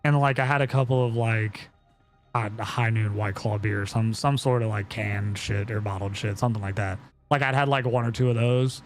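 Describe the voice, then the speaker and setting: A man's voice: on the low side, fairly even intonation, normal speed, faint music behind. A young man chatting casually on a live stream, telling a story in a rambling way with lots of fillers and swearing.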